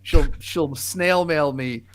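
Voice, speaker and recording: A man co-hosting a podcast in casual chat, with quick agreeing interjections and wry asides. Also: a little high. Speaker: podcast co-host.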